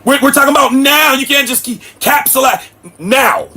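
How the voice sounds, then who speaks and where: A man's voice: very high voice, animated, normal speed, bright, forceful tone, husky. A man, hosting a livestream and preaching bluntly at his chat. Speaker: livestream host. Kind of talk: ranting livestream commentary. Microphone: streaming setup mic.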